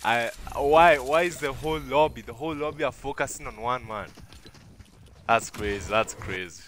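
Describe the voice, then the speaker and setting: A young man giving live commentary on a game he is playing, excitable, swearing and yelling at the action. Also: mid-range voice, moderate pace, a little hiss or hum. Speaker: streamer.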